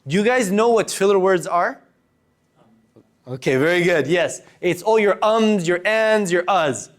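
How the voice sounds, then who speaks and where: A young man teaching a workshop on public speaking to a live group, animated and shifting his loudness and pace to demonstrate. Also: high voice, a little slow. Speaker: workshop instructor. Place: room with a live audience.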